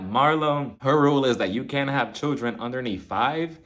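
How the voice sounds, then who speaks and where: Animated man recapping a reality show. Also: mid-range voice, a little slow, long pauses. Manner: animated, acts out quotes, laughs often. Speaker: TV recap reviewer. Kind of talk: casual episode review.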